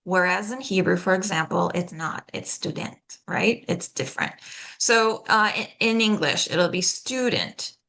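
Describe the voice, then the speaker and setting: A woman instructs a live online pronunciation workshop in a bright, gravelly voice that sits on the low side. She is patient and explanatory, often checking in with "okay?" and demonstrating sounds slowly and deliberately.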